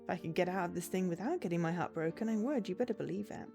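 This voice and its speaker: A woman's voice: fairly low pitch, very fast, gravelly, dark tone, faint music behind. A woman playing a blunt, wry ghost girl. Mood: dry. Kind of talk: reading a visual novel aloud.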